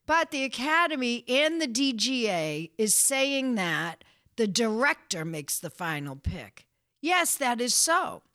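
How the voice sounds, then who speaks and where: A woman in her sixties from the Boston area tells stories with comic energy, laughing as she goes. Her voice sits a little high for a woman. The sound is dry and close. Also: no room sound. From Boston area, USA. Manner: lively, funny storyteller who laughs often. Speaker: casting director, guest. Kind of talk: casual interview storytelling.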